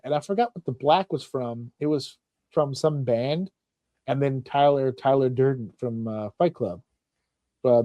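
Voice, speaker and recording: Podcast host, man, high-ish voice, dry close mic, profane and animated, slips into mocking voices. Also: no room sound. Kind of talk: casual chat.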